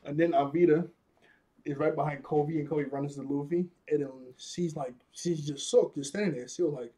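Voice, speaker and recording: A man's voice: fairly high pitch, steady tone, normal speed, mellow, husky. A young man casually recapping an anime episode, rambling, laughing often and restarting his sentences. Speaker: anime reviewer.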